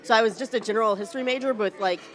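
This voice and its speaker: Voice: mid-range voice, racing, a bit bright. A host running a casual interview with short prompting questions, sharing a few stories of their own.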